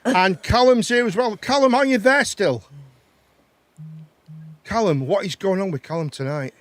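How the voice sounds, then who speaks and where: A man's voice: high voice, moderate pace, dry recording, faint music behind. A man hosting a live chat show and phone-in, chatty and teasing, and he laughs often. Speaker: host.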